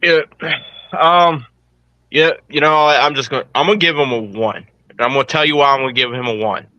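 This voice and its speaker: A man's voice: mid-range voice, a little fast, sharp tone, no room sound, lo-fi sound. A man on a podcast panel, easygoing and joking in casual chat.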